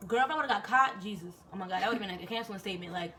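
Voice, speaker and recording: A young woman and soldier telling stories in a casual, animated, profane and rambling chat, recorded indoors. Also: mid-range voice, racing. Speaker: vlogger and soldier. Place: indoors in Korea. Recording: distant mic with faint noise.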